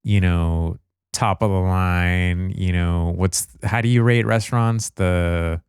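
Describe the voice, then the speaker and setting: A man co-hosting a podcast, chatting casually about a movie in a relaxed way with "you know" fillers. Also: deep voice, slow pace, clean tone, no echo, clean studio sound. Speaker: podcast co-host. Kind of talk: casual movie review chat.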